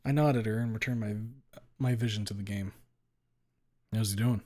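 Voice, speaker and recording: Man, fairly low voice, deadpan, blunt, casual swearing, story reading. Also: fast talker. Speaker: story reader. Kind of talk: first-person story reading.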